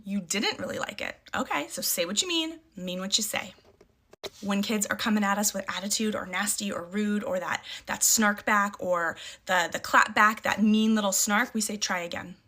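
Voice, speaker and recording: Speaking casually to the camera, a middle-aged woman gives parenting advice in a mid-range, somewhat bright voice. She's emphatic, repeats short catchphrases, and acts out the firm answers she gives her children.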